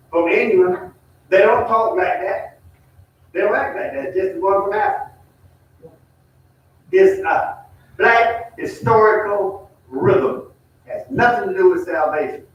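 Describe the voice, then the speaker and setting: A high-pitched man tells folksy stories during a Bible study at church, speaking directly to the group and imitating hollering at points. Slight background noise runs under an echoey, distant, dull room recording.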